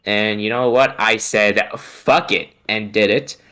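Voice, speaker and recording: A man's voice: on the low side, steady tone, takes it slowly, pushed and bright, clear, resonant tone. A man co-hosting a podcast in casual chat, rambling and swearing heavily as he pokes fun at himself. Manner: rambling, heavy swearing, self-mocking. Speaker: podcast co-host.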